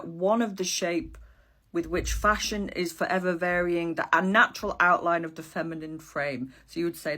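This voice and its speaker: A woman's voice: medium pitch, a bit bright. A woman presenting historical slang in a casual chat to camera, with wry, sardonic asides.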